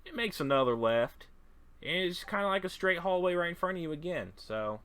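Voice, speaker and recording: A man's voice: fairly high pitch, big pitch swings, brisk, a bit bright, clear, resonant tone, no echo. A man running a tabletop game as game master, narrating casually with lots of fillers.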